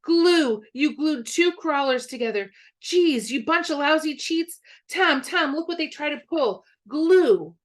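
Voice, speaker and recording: Billy, a woman doing a shrill indignant boy. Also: lively intonation, a little slow.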